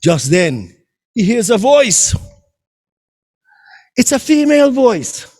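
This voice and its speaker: A man telling a folk tale aloud, dramatic and repetitive, in an unhurried way. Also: very high voice, very animated, darkish tone. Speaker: storyteller. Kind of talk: oral folk storytelling.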